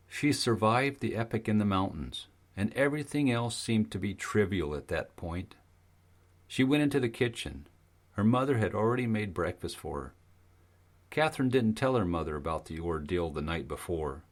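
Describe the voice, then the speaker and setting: A man narrating an audiobook in a steady, even storytelling manner. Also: fairly low pitch. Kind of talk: scripted narration.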